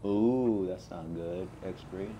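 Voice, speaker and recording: A man's voice: low voice, a little slow, dull audio. A man hosting a game role-play, talking casually in the part of a police officer, hesitant with fillers, on a headset. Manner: chatty, hesitant, many uh fillers and restarts. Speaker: host playing a police officer.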